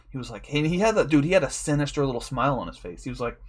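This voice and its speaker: A man's voice: mid-range voice, expressive, very fast, hardly any pauses. A man telling a long, rambling story in a casual, profane way, laughing often as a draft league coach.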